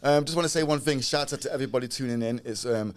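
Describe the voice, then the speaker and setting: A man co-hosting a live podcast in a studio, joking loosely with plenty of ums and quick shout-outs. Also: mid-range voice, background noise. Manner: playful, loose, lots of ums and joking asides. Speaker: podcast co-host. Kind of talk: casual live-stream chat.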